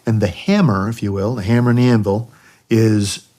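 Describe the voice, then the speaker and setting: Speaking at a moderate pace in a fairly low voice, a middle-aged retired army helicopter pilot from the United States relaxedly shares war stories in conversation. He often checks in with a questioning "right?".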